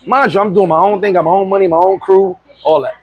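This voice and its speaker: A middle-aged man telling a story casually on a livestream, boastful and animated, laughing and swearing often. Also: high voice, fast, dull audio. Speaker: vlogger.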